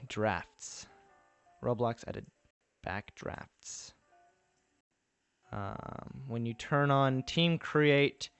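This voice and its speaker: A man's voice: medium pitch, smooth, no room sound. A man with a Texan accent chatting casually on a live stream, rambling and thinking aloud as he builds and answers viewers.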